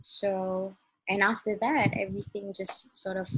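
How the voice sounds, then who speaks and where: Malaysian woman chef chatting on a radio show, breathy voice, animated, laughs a lot. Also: mid-range voice, measured pace, rough recording. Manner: animated, laughs often, acts out quotes. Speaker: celebrity chef guest. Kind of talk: casual radio interview storytelling.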